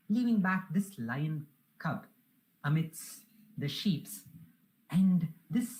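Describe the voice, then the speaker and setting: A woman's voice: medium pitch, mellow, poor audio. Earnest woman telling a parable. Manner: earnest, reverent storytelling. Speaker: spiritual speaker. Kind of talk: devotional talk with a parable.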